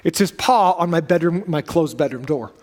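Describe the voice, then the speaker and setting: High-voiced pastor in a reverberant church. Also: male voice, expressive, moderate pace, darkish tone. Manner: conversational storytelling with self-corrections and asides. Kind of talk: sermon. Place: church sanctuary. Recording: long reverb of a church hall.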